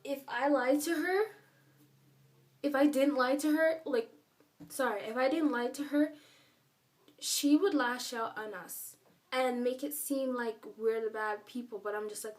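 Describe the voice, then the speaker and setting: A woman's voice: high voice, unhurried. A woman vlogger telling a story in a casual, rambling way, filling her speech with "like" and stressing her points hard. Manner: rambling and emphatic, heavy use of filler "like". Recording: voice a bit far from the mic.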